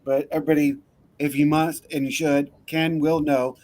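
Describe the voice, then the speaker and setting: Upbeat male host on a video call, slightly high-pitched, playful and welcoming. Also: little pitch movement, moderate pace, a little mellow. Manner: upbeat, playful, greets people by name. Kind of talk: casual chat.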